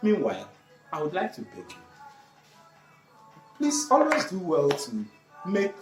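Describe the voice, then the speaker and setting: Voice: medium pitch, wildly swooping pitch, unhurried. An English teacher giving an online grammar lesson, repeating key words and posing questions, then answering them. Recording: roomy echo, faint music behind.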